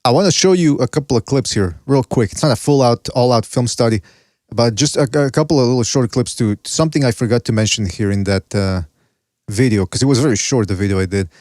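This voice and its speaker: Brash host dude walking thru fight clips, swears a lot, dry close mic. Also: male voice, medium pitch, fast, no echo. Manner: brash, swears, gives shout-outs. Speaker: boxing podcast host. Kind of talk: casual chat, narrating fight clips.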